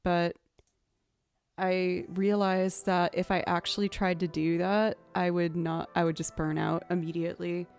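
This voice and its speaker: A woman streamer chatting casually with her viewers between songs, thanking them and filling pauses with "um". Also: lowish voice, level tone, darkish tone. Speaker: streamer and musician. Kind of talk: casual live-stream chat.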